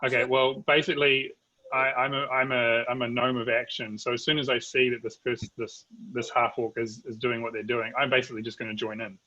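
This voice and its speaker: A man's voice: mid-range voice, level tone, a little fast, bright, forceful tone, lo-fi sound. A man playing a tabletop game, stammering and repeating words as he speaks. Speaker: player.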